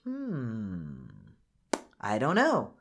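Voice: medium pitch, wildly swooping pitch, very slow, a bit bright. A podcast host casually recapping a cartoon movie in a wry, sarcastic way.

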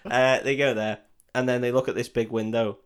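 A man's voice: mid-range voice, little pitch movement, a little fast, smooth. A man, co-hosting a podcast and recapping a film in a joking, sweary way. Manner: joking, sweary, laughs often. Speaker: podcast co-host. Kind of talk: casual film recap chat.

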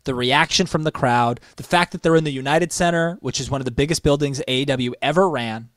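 A man's voice: mid-range voice, brisk, a bit bright, dry recording. A man co-hosting a casual wrestling chat, telling stories with enthusiasm as he counts down a list. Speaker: wrestling podcast co-host.

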